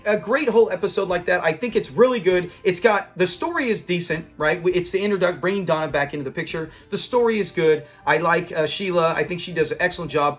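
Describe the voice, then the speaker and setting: A man hosting a review channel, casually recapping a sitcom episode, animated and acting out the characters' lines with bursts of laughter. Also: a little high. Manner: animated, acts out quoted lines and laughs while retelling.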